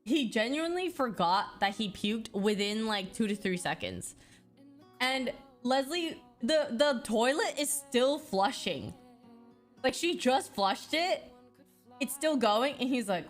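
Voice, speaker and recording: A woman's voice: on the high side, unhurried, soft background music. Laughing woman telling a story. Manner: animated, laughing, lots of "like".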